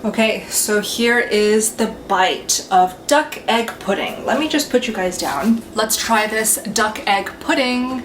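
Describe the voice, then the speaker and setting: A woman's voice: medium pitch, slow, hardly any pauses, a little hiss or hum. A woman food vlogger talking casually to her viewers while cooking, gushing about her food, in a home kitchen on a handheld phone camera.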